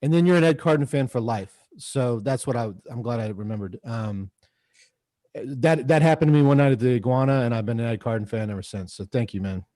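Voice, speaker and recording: A man's voice: mid-range voice, fairly quick, warm tone, no echo. A man, a comedian, chatting casually and loosely on a livestream, rambling and swearing. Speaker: comedian, roast honoree.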